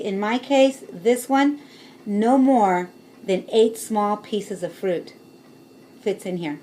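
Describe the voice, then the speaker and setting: A woman's voice: mid-range voice, slight background noise. A woman chatting casually to her camera as a vlogger, showing things with bowls and laughing often.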